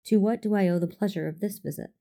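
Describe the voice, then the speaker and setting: A woman reading the part of a warm, courteous male hologram doctor in an audio story, in a gentle, friendly tone. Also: mid-range voice, quick pace, close to an everyday voice.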